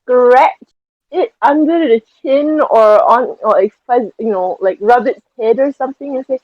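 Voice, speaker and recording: High-voiced woman playing a tabletop game. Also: unhurried, a little mellow, no room sound, lo-fi sound. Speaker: player.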